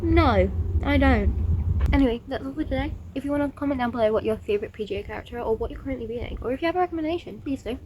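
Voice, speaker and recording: A woman's voice: sits high, very fast, hardly any pauses. A woman chatting casually about books, gushing and filling her speech with "like", recorded outdoors. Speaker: book vlogger. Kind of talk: casual chat. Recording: outdoor recording with traffic noise. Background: passing traffic.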